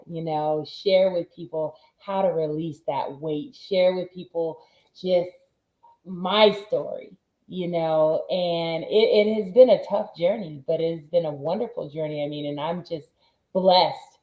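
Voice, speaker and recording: A woman fitness coach talking in a casual group chat, energetic and emotional, with tough-coach enthusiasm. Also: low voice, roomy sound, low-quality recording.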